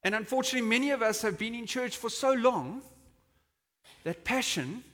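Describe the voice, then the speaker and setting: Bright-voiced male pastor in a reverberant hall. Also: extremely high pitch, expressive, moderate pace. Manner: conversational, dramatizes quotes with shouting. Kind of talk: sermon. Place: church hall. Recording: long reverb of a church hall.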